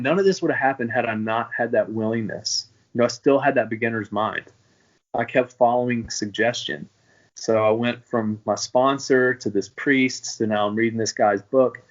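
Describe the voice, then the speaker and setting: A man guest on a podcast, telling his own story in an earnest, halting way, with many restarts. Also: mid-range voice, highs cut off. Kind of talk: candid personal storytelling.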